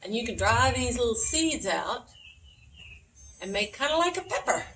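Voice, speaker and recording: A woman's voice: on the high side, sing-song, normal speed. A woman chatting casually outdoors in her yard, showing off plants in a folksy way. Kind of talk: casual show-and-tell. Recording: distant with background noise.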